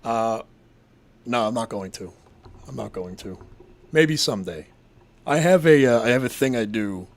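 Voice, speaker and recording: A man's voice: mid-range voice, lively intonation, normal speed, pauses often. A man from Massachusetts hosting a casual live show, reading chat and rambling in a crude, profane, jokey way.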